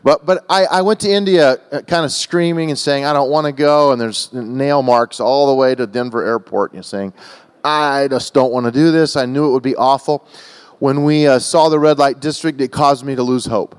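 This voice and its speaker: An American man preaching a sermon to a church, telling a personal story in an emotional, animated way with frequent restarts. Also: mid-range voice, moderate pace, smooth. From United States. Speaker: guest preacher. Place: large church hall. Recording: long church-hall reverb.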